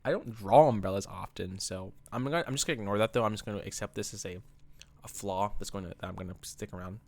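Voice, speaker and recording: A man's voice: fairly low pitch, quick pace, gravelly, darkish tone, no room sound. A man casually talking through his own drawing in a rambling, laid-back, self-deprecating way, a bit out of breath. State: slightly out of breath. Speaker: artist vlogger. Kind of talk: casual commentary over drawing.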